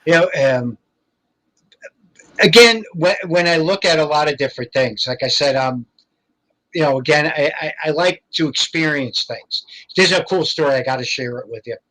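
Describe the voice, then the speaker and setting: A man's voice: fairly high pitch, normal speed, a bit bright, low-quality recording. An older man from Connecticut, a guest paranormal investigator, chatting casually in an interview and telling rambling anecdotes full of fillers. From Connecticut, USA.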